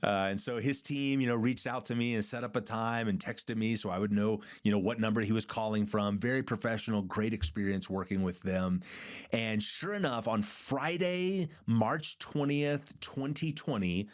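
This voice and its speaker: A man's voice: on the low side, normal speed. A middle-aged man hosting a podcast, telling a leadership story in an earnest, emphatic way and repeating words for stress. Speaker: podcast host and church leader. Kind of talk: storytelling monologue.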